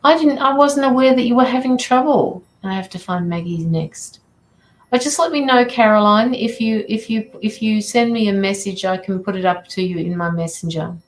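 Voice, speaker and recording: A woman's voice: medium pitch, moderate pace, a little hiss or hum. A middle-aged woman giving casual tarot and mediumship readings on a livestream, chatty and rambling, blunt and swearing freely. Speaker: intuitive tarot and mediumship reader. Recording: roomy echo.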